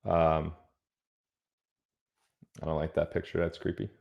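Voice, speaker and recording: Deep-voiced man hosting a rambling livestream. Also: level tone, unhurried, vocal fry, darkish tone, dull audio. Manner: rambling and joking, reading out viewer locations. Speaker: livestream host. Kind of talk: casual livestream chat.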